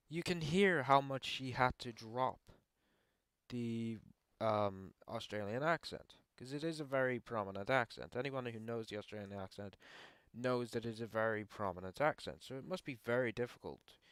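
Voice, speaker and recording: A young man hosting his own channel, answering viewer questions in casual opinion talk, pausing often with ums and restarting his sentences. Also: mid-range voice, a bit bright, clear, resonant tone, dry recording. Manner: hesitant, frequent ums and restarts.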